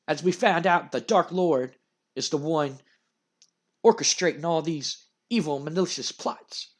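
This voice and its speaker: Man doing an earnest male private eye, formal, self-important, high-pitched. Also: measured pace. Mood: accusing.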